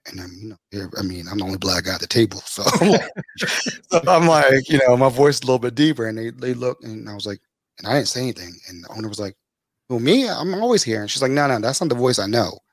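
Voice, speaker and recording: Animated man telling stories. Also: quick pace, no echo. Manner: animated, acts out quoted people with big pitch jumps. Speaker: podcast host being interviewed as guest. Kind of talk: casual storytelling in an interview.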